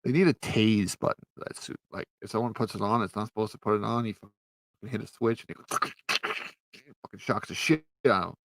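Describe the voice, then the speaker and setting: A man's voice: lowish voice, steady tone, moderate pace, creaky, fairly bright tone, no echo, poor audio. A man ranting sarcastically and profanely in a casual review, a little tipsy. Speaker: TV show reviewer.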